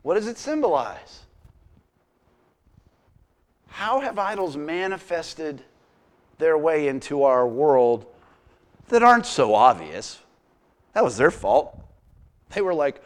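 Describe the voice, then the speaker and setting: A middle-aged pastor delivers a sermon with a high, lively voice that leaps across a wide range. He tells stories with humor and breaks into acted-out quotes. The delivery stays warm in its storytelling but keeps a clear point. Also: slow pace, pauses often.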